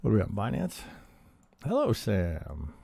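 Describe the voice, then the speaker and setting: A man teaching trading on a live stream, reviewing charts in an animated, profane way and asking "right?" again and again. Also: lowish voice, a little slow, creaky, husky, no room sound, studio quality. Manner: profane, emphatic, acts out trader reactions, keeps asking "right?".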